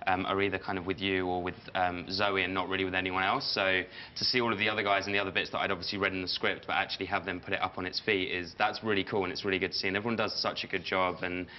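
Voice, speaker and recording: A man's voice: deep voice, flat delivery, racing, hardly any pauses, lo-fi sound, slight background noise. A young man, an actor guest on a TV talk show, chatting in a self-deprecating, slightly hesitant way. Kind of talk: casual interview chat.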